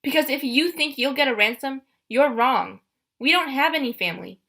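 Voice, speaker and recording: A woman plays a tough teenage girl who answers with sharp, sarcastic defiance. The voice is raised and bright, as in an audiobook read with full character voices. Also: high voice, normal speed, gravelly, pitched above the performer's own voice, exaggerated voice. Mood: defiant. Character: defiant teenage girl protecting her brother.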